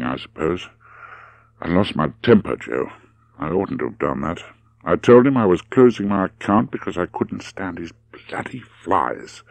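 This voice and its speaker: A man reading a young, frank, quick-tempered woman's lines, slightly raised in pitch. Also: vocal fry, a little mellow, dry recording, exaggerated voice.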